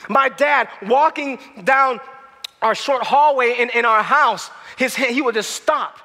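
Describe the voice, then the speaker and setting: A man preaching a sermon to his church, passionate and swinging between loud outbursts and hushed moments. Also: extremely high pitch, normal speed, in a large hall. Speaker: pastor. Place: church hall.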